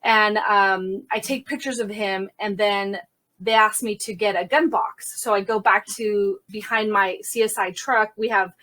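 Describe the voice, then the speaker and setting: A woman's voice: medium pitch, steady tone, pushed and bright. Woman CSI retelling a shooting. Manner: vivid retelling, quick restarts and self-corrections. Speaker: crime scene investigator, podcast guest. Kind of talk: personal storytelling in conversation.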